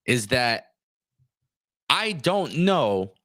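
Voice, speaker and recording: A man's voice: medium pitch, sing-song, extremely slow, a bit bright, dry recording. Man, livestream co-host, frustrated and fired up, stumbles over words, close dry sound. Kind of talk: livestream wrestling talk.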